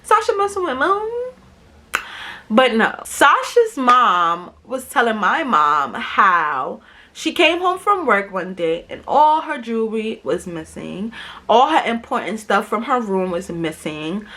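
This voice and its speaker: A woman's voice: medium pitch, sing-song, slow pace, bright, forceful tone. A young woman telling a storytime vlog in a casual, slangy, emphatic way, acting out quotes and swearing for emphasis. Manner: profane, emphatic asides. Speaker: vlogger.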